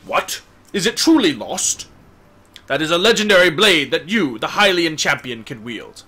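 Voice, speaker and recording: A man reading out the lines of a kind, stately old fish-folk king from a game, in a formal, measured way. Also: a little high, expressive, pushed and bright, slightly rough, exaggerated voice. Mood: solemn, warm.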